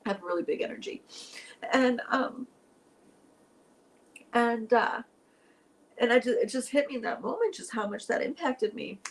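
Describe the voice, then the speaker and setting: A woman's voice: a little high, sing-song, fairly quick, poor audio. A middle-aged woman, a spiritual teacher, telling a personal story in an emotional, rambling way that turns teary at moments.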